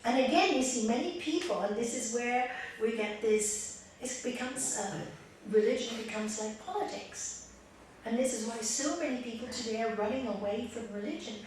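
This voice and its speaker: A woman yoga teacher giving a spiritual talk, telling stories lively and acting out the characters. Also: a little high, normal speed, slight background noise. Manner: lively storyteller acting out the voices. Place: indoor meeting room of a spiritual group. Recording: echoey room, far from mic.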